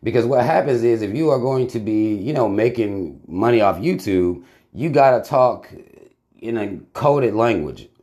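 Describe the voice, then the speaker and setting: A man's voice: medium pitch, expressive, normal speed, dark tone. A man hosting his channel, talking bluntly in casual commentary with heavy swearing. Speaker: channel host reacting to a video.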